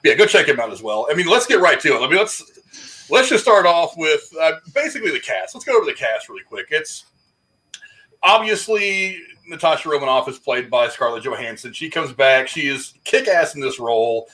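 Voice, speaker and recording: A man hosting a casual live-stream chat, energetic and rambling, laughing at his own slip-ups. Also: on the high side, a little fast, poor audio. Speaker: podcast host.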